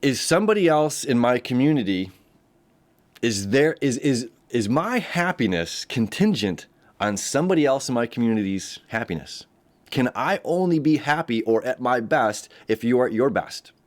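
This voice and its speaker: A man's voice: medium pitch, animated, normal speed. A man giving a casual spoken astrology forecast, rambling with frequent restarts and acting out quoted voices.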